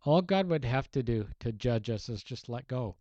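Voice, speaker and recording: A man's voice: medium pitch, animated, normal speed, a little mellow, no room sound. A man preaching a sermon in a conversational, storytelling way, walking through a Bible passage. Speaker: pastor. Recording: dull lo-fi sound.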